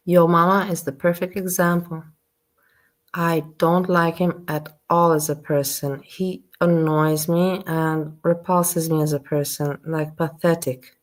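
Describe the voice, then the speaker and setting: A woman with a low voice hosts a casual live stream chat. She talks in a chatty way, repeating and restarting phrases as she goes.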